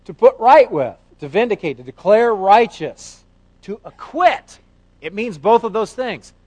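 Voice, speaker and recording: Middle-aged male pastor, preaches conversationally with lively rhetorical questions, a touch high-pitched. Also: unhurried, muffled recording. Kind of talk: sermon.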